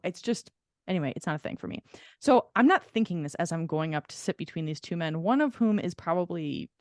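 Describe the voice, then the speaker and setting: A woman's voice: medium pitch, a little mellow, no room sound. A woman co-hosting a podcast in casual chat, telling a long story with lots of laughter and casual swearing. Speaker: podcast co-host.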